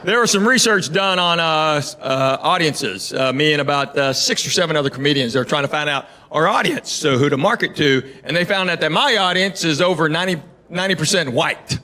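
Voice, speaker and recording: A middle-aged man with a Southern US accent doing a stand-up set, telling stories in a drawling, deadpan way and acting out dialogue. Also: a little high, fairly quick. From Tennessee, US South. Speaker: stand-up comedian. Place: large theater stage before a live audience. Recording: echoey live room, loud crowd laughter.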